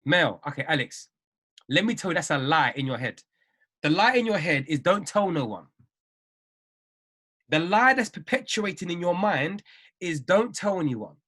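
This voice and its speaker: Husky-voiced man coaching. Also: on the high side, sing-song, moderate pace, long pauses, bright, forceful tone. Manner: emphatic, repeats phrases, preachy. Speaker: trading mindset coach. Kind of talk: live-stream motivational talk answering viewers.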